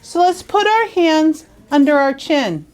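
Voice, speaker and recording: A woman teaching young students phonics in a school classroom, drawing words out slowly and asking coaxing questions. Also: high-pitched, lively intonation. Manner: slow, drawn-out, coaxing questions.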